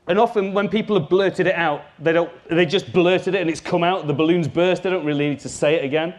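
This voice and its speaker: A man giving a live workshop talk as a business trainer, lively and jokey, speaking straight to his audience. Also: high-pitched, fairly quick.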